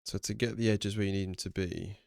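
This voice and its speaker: A man's voice: on the low side, fairly even intonation, fairly quick, creaky, darkish tone, dry recording, clean studio sound. A young English man streaming live, chatting casually with viewers, thinking aloud and swearing now and then. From England.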